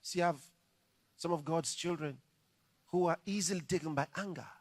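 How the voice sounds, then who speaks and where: A male pastor preaching a sermon with animated, dramatic storytelling. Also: a little high, moderate pace, no echo.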